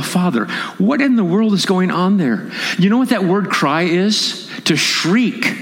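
A man's voice: fairly high pitch, fairly bright tone. Impassioned male pastor in a reverberant hall. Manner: impassioned preaching that swells into emphatic, raised appeals. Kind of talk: sermon. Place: conference hall.

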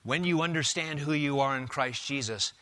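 A man preaching a sermon in a church, asking rhetorical questions and swinging between loud emphasis and quiet asides. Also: a little high, moderate pace. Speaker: pastor. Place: church sanctuary.

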